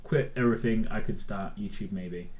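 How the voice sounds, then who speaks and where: A man's voice: lowish voice, moderate pace, darkish tone, low-quality recording. A young man in his twenties, hosting a casual livestream and chatting loosely while reading comments. He rambles and jokes. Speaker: streamer and show host.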